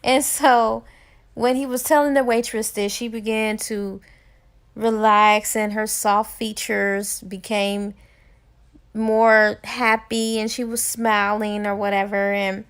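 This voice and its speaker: A woman's voice: mid-range voice, flat delivery, slow pace, smooth. A woman giving a casual book recap, chatty and full of fillers. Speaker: book reviewer.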